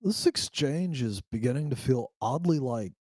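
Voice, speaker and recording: A man's voice: medium pitch, lively intonation, moderate pace, a little mellow, no echo, studio quality, natural voice. A man voicing a sarcastic young male defense lawyer in an amateur game reading, with wry, drawling asides.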